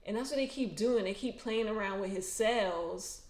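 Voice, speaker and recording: A woman's voice: medium pitch, normal speed. A woman hosting a casual livestream, chatting emotionally and colloquially with frequent restarts. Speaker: tarot reader and fan livestream host. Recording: echoey room.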